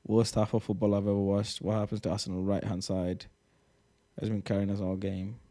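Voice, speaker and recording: A man's voice: lowish voice, level tone, normal speed, dark tone. A man giving casual reaction commentary, reading posts aloud, swearing and sounding exasperated. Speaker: reaction streamer.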